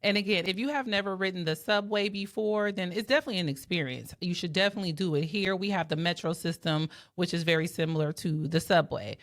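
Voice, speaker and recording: A woman's voice: fairly low pitch, quick pace, hardly any pauses. Chatty woman host reacting to clips. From Washington DC area. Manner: chatty, conversational, addresses viewers directly. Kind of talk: casual reaction commentary.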